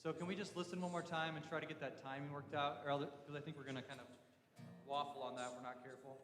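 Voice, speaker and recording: Guy running worship band practice, highish voice, jokey, hums the tune, echoey church with music going loud. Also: flat delivery, rapid-fire. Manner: casual, joking, hums melodies to show timing. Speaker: worship leader. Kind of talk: band rehearsal instructions. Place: church sanctuary. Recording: roomy hall with loud live music.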